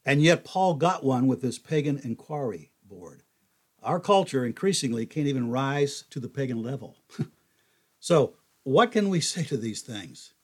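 An older man giving a folksy, conversational Bible teaching, animated when he quotes others. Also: medium pitch, husky.

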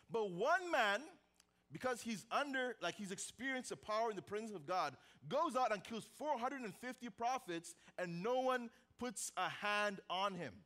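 Delivering a sermon in a light, high-pitched voice, this young pastor tells a story animatedly. His volume dips almost to a whisper before climbing back up, and he regularly drops in playful, offhand remarks to the congregation.

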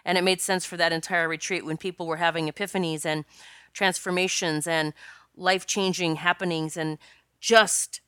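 A woman's voice: on the low side, fairly bright tone, smooth, dry recording, studio quality. A woman hosting her own podcast as a spiritual coach, telling a personal story in a chatty, rambling way with many restarts and laughs. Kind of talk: casual solo podcast storytelling.

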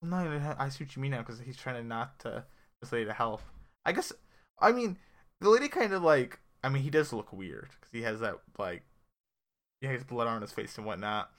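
A man's voice: mid-range voice, expressive, brisk. A man co-hosting a podcast in casual chat, musing aloud, laughing often and using lots of fillers. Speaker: podcast co-host.

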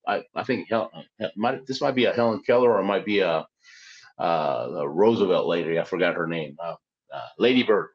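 A man, a former Olympic luge athlete, telling his story in a lively, conversational way, often checking in with his listeners. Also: low-pitched, fairly quick, breathy edge. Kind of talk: storytelling in an interview. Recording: dull lo-fi sound.

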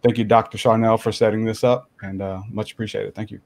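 A man's voice: fairly low pitch, flat delivery, a little fast, creaky, a little mellow. A man introducing himself as a guest in a casual panel chat, earnest and hesitant, with many fillers. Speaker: guest hip hop artist and podcaster.

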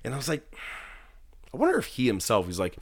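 A man with a mid-range voice talks a little fast, with no room sound in the recording. Co-hosting a casual wrestling podcast, he tells lively stories packed with swearing and acted-out quotes.

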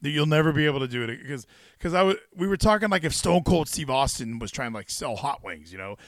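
A man hosting a casual wrestling chat podcast, animated and rambling, swearing freely and restarting his sentences. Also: fairly high pitch, quick pace, dry recording, studio quality. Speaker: podcast host.

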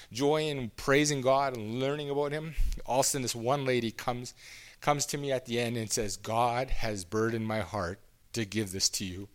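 A preacher from Canada giving a personal testimony sermon, speaking earnestly and haltingly, often restarting his sentences. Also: medium pitch.

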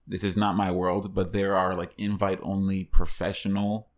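A man co-hosting a podcast in casual chat, dry and teasing with quick jokes. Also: sits low, little pitch movement. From United States. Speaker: podcast co-host.

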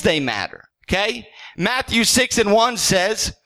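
A man's voice: sits high, animated, slow, sharp tone, low-quality recording. A man preaching a sermon as a pastor, earnest and conversational, firing off repeated questions, checking in with "okay?" and often stumbling into restarts. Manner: frequent stammered restarts.

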